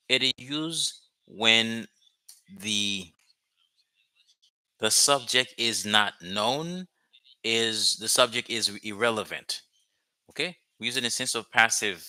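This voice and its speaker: A man teaching a language lesson, repeating phrases slowly and checking in with "okay?" after each point. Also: on the low side, sharp tone, no room sound. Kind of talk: slow explanatory lesson.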